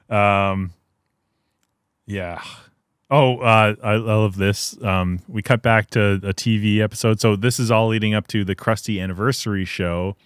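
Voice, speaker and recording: Male podcast co-host, rambling and filler-heavy, low voice. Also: fairly even intonation, measured pace, clean tone, dry recording, studio quality. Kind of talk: casual chat.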